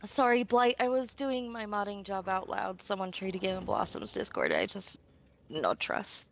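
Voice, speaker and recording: Giggly, gravelly young woman gaming. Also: medium pitch, expressive, normal speed. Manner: giggly, swears freely. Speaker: gamer chatting with friends. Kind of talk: casual voice chat while gaming.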